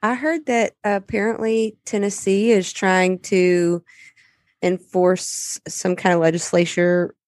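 A woman's voice: fairly low pitch, level tone, measured pace, a little mellow, dry recording. A woman co-hosting a casual podcast chat, blunt, laughing often and swearing freely. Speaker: podcast co-host.

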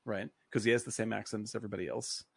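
A man's voice: on the low side, steady tone, racing, gravelly, husky, no room sound. A man casually discussing a film, rambling with lots of filler words and swearing freely.

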